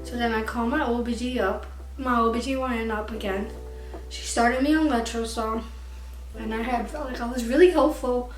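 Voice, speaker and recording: A woman's voice: a little high, fairly even intonation, moderate pace. A young woman vlogger candidly telling a personal story to camera, emotional and tearful at times. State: crying at times. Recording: echoey room, far from mic, faint music.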